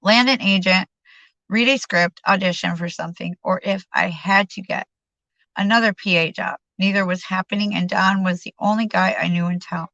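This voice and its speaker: A woman's voice: medium pitch, fairly even intonation, normal speed, bright, forceful tone, no echo. A woman reading a memoir aloud on a live stream, stumbling and restarting over words. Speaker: reader. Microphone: streaming microphone. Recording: dull lo-fi sound.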